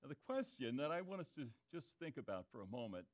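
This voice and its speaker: A man's voice: medium pitch, very animated, fast talker, hardly any pauses. A man preaching a sermon, asking the congregation to call out answers and repeating key phrases for emphasis. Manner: interactive, asks the congregation for answers. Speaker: pastor.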